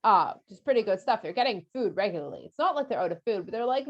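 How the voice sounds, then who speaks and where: A woman teaching a children's lesson, retelling the story in a lively, casual, conversational way. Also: medium pitch, fast talker, few pauses.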